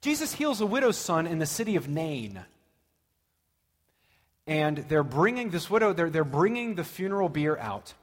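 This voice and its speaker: A man preaching a sermon, telling stories with dramatic pauses and lively emphasis. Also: a little high. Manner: animated storytelling with dramatic pauses. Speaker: pastor. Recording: long reverb of a large hall.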